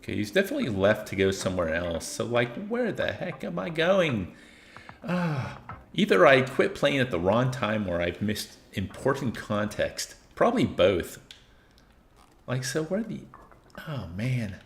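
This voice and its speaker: A man's voice: medium pitch, very animated, measured pace, vocal fry, a little hiss or hum. A man streaming himself playing a video game and chatting casually, rambling and self-deprecating, often laughing at himself.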